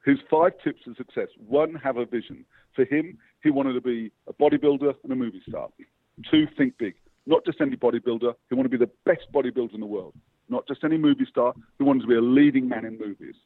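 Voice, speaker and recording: A man's voice: medium pitch, quick pace, no echo. Man on a tinny phone line. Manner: lively anecdotes, motivational. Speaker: guest, publicist. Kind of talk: interview storytelling.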